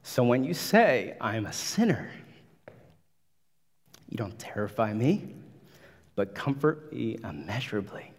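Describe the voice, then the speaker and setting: A man's voice: mid-range voice, big pitch swings, a little slow, long pauses, breathy edge, long reverb tail. A man preaching a sermon as pastor, emphatic, repeating phrases and building intensity.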